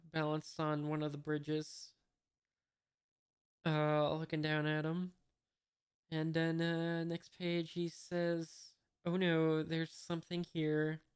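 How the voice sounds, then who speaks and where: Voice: medium pitch, smooth. A reader going through a comic chapter in a casual, hesitant way, reading the dialogue aloud without doing voices, with many fillers and wry, puzzled asides. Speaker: manga reader and commentator.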